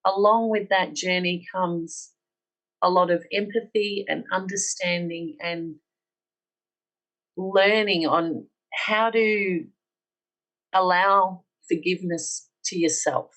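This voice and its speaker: A woman's voice: fairly low pitch, fairly even intonation, slow pace, fairly bright tone, poor audio. A middle-aged woman with an Australian accent, earnestly telling her personal story on a podcast and acting out the dialogue she quotes. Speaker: podcast guest.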